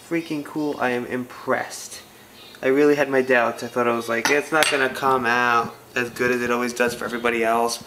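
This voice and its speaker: A vlogger chatting casually while cooking at home, playful and talkative, even talking to the food. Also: mid-range voice. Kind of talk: casual cooking vlog chat.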